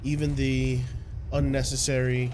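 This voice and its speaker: A congested man with a nasal voice, chatting excitedly and stumbling over words while hosting a let's play of a video game. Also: mid-range voice, measured pace, music in the background. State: congested, recovering from illness. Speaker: gaming channel host.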